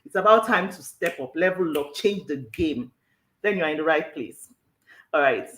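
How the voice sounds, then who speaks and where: In a low-pitched, slightly bright voice with lively intonation, a woman coach leads a live online workshop at a moderate pace. The low-quality recording is reverberant. She keeps repeating points emphatically, drops "all right" often, and laughs throughout.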